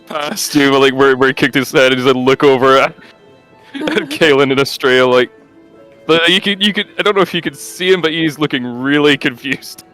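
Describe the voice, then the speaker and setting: A man's voice: medium pitch, moderate pace, fairly bright tone, soft background music. A man playing a tabletop game who talks hesitantly, leaning on fillers. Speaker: player. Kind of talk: tabletop role-play chat.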